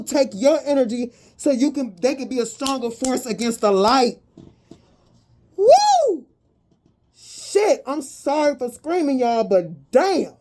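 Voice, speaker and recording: Her voice sits high as she reads tarot and energy for an audience. The delivery is animated and full of slang, punctuated by abrupt bursts of whooping excitement.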